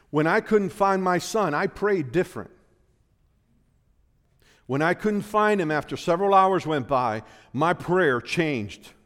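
A man preaching a sermon, slow and emphatic, building to loud, pleading peaks and then falling low. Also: big-room sound. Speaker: pastor.

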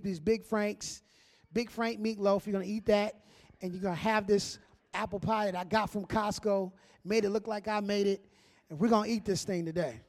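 Man, pastor, high voice, lively conversational sermon, call-and-response.

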